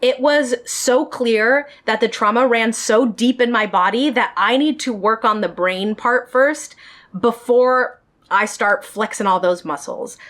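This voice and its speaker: Chatty woman vlogger, slightly high voice. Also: a bit bright. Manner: chatty, speaks directly to viewers. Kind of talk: storytime vlog.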